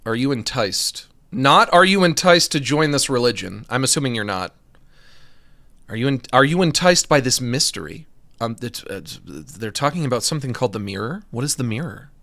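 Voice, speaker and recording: A male streamer reacts to a video with jokey, animated commentary, reading text aloud and sometimes talking with his mouth full. His voice is mid-range and his pace moderate.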